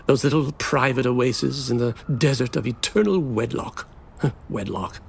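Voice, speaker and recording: An actor playing a flamboyant, bitter groom on his wedding day, melodramatic and sardonic, swinging between slow drawls and sudden outbursts. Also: mid-range voice, gravelly, a little hiss or hum, lightly acted. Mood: theatrical. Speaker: actor in a stage play. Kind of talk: theatrical stage acting.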